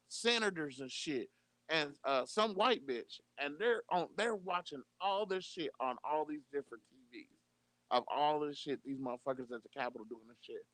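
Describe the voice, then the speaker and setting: A man's voice: fairly high pitch, no room sound. A man co-hosting a casual chat show, telling stories with heavy swearing and acting out the people he quotes. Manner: animated storytelling, heavy profanity, acts out quotes. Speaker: podcast co-host.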